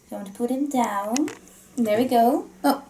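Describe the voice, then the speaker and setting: A woman with a fairly high voice talks her way through an unboxing in a loose, casual vlog chat. She giggles often and rambles cheerfully between items. A faint background hiss sits under her voice. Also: measured pace, warm tone. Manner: chatty and giggly, laughs often. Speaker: vlog host.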